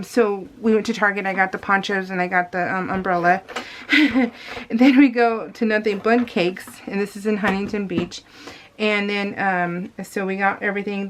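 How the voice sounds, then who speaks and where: A woman's voice: mid-range voice, fairly bright tone. Woman, casual vlog voice-over, rambling storyteller, talks to viewers, lots of ums. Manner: rambling, chatty, many restarts and fillers. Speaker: scrapbooking vlogger.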